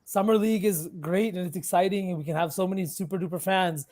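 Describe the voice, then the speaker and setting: A man with a high voice talks through his picks on a sports betting podcast. His talk is loose and casual, and he swears freely as he thinks aloud. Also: fairly even intonation, fast, darkish tone. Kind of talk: casual chat.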